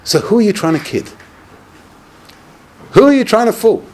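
A high-voiced man delivers a yeshiva-style Torah lecture, his pitch leaping around as he needles and mocks. He slips Hebrew and Yiddish terms into his English, and a faint hiss sits under the recording. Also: big pitch swings, normal speed, a little mellow. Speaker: rabbi giving a Torah talk.

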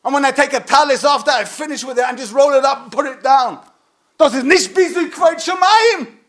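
Brief: man with a very high voice, impassioned sermon. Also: brisk. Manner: impassioned, swings from loud to hushed. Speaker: rabbi.

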